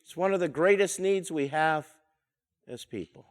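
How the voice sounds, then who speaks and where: Man teaching a Bible study, slightly high voice. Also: animated, normal speed. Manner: conversational, with rhetorical questions and repeated phrases.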